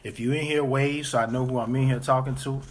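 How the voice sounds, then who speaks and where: A man's voice: mid-range voice, steady tone, fast, a little hiss or hum. A man hosting a casual live stream from home, urgently pleading with viewers to stay and greeting them by name.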